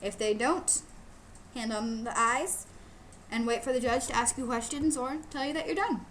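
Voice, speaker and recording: A woman's voice: a little high, moderate pace, a bit bright, a little hiss or hum. A woman instructor teaching youth how to show rabbits, playful and emphatic, repeating her key points. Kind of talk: casual instructional video.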